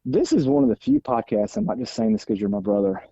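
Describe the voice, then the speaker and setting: A man's voice: lowish voice, wildly swooping pitch, fast talker, creaky, warm tone, husky, no echo, highs cut off. A man with a Southern American accent, a podcast guest talking enthusiastically and joking over a call. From Alabama, United States. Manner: enthusiastic, joking, interrupts with teasing bursts. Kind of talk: casual podcast chat. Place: outdoors on a walk, then at home.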